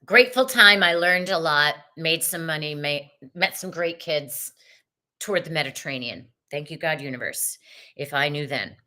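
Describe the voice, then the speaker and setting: A bubbly woman with a Southern US accent hosting a casual spiritual talk. She is effusive and laughs easily. Her pitch jumps high and drops low. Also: moderate pace, pushed and bright. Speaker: host.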